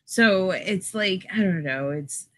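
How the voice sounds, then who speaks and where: A woman co-hosting a podcast, talking in a halting, hesitant way and laughing. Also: mid-range voice, no echo. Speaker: podcast co-host. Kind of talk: casual podcast chat. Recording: faint background noise.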